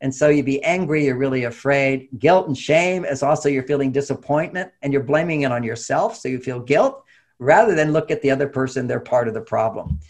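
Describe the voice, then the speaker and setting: Gravelly, husky man giving advice. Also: medium pitch, fairly quick. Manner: animated, acts out quoted voices, laughs often. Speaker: relationship author and guest. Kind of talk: conversational interview talk.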